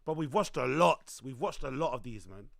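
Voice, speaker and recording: A young man, his voice worn hoarse, chatting loosely to his livestream audience, repeating himself and swearing as he goes. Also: medium pitch, animated, moderate pace, no room sound, studio quality. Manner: loose, repetitive, swearing, talks to chat. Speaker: livestream host. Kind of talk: casual livestream chat.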